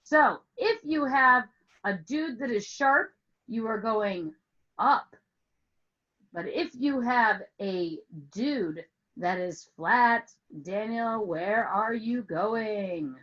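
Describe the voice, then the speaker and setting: A woman's voice: a little high, animated, extremely slow, a bit bright, lo-fi sound. A woman music teacher telling a playful story to explain a lesson, asking questions and stretching words for emphasis over an online call. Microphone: online call with screen share.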